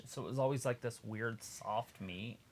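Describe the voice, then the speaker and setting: A man co-hosting a casual watch-along stream, reacting with jokes and sudden excited outbursts. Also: mid-range voice, normal speed, a little hiss or hum. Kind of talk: casual chat, live reactions.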